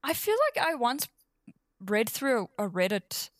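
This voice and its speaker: A woman's voice: fairly high pitch, lively intonation, unhurried, no echo. Woman, podcast guest, giggly and self-mocking, dry close sound. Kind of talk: casual chat.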